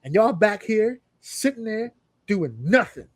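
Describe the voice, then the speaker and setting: High-voiced animated man recapping wrestling. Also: a little slow, dry recording. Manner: animated storyteller who acts out wrestlers' lines. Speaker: podcast co-host. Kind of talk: casual chat.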